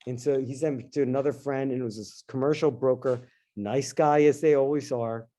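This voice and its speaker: A middle-aged man, a guest in an interview, telling a personal story in an animated, casual way and acting out his own past lines. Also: medium pitch, brisk. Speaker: interview guest, dentist and investor.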